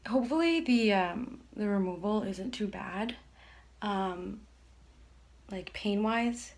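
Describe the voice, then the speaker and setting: A woman's voice: medium pitch, slow pace. A young woman from Canada giving a casual, chatty vlog update to camera, hesitant and full of fillers. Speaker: vlogger.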